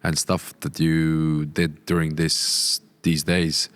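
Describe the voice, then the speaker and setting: A man's voice: rumbling low, level tone, slow, a bit bright. A young man, a Latvian native speaker, hosting a podcast and asking questions hesitantly, searching for his words. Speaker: podcast host, club co-owner. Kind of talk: interview questions.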